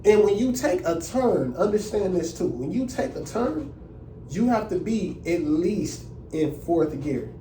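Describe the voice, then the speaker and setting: A young man telling a story in a casual, animated, indignant way and using lots of slang. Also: sits high, a little slow, roomy sound, distant mic, a little hiss or hum. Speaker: vlogger.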